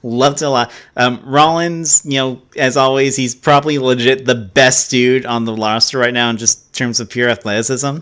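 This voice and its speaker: Young male co-host, mid-pitched everyday voice, relaxed and profane, quick to laugh. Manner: laughs easily, casual and profane. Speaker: podcast co-host. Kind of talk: casual wrestling podcast chat.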